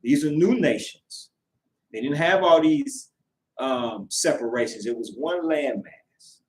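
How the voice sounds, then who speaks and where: Leading a Sabbath lesson full of storytelling, this man has a mid-range voice with lively intonation and a slow pace. His manner is conversational, and he checks in with listeners through rhetorical questions, recorded from afar in an echoing room.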